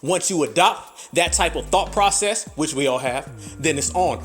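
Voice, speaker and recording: A man's voice: on the high side, lively intonation, moderate pace, fairly bright tone, soft background music. A man hosting a podcast, giving blunt, profane, combative commentary. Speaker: podcast host.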